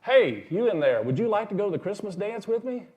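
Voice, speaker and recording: A man's voice: mid-range voice, brisk, vocal fry, dark tone, natural voice. A man voicing a lonely, eager man with a new pet, rambling and tripping over his words. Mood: pleading.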